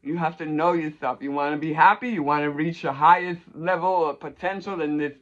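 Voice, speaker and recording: A woman's voice: sits low, steady tone, brisk, lo-fi sound. A woman in a casual, rambling monologue who swears freely and laughs mid-sentence. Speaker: vlogger on astrology and tarot.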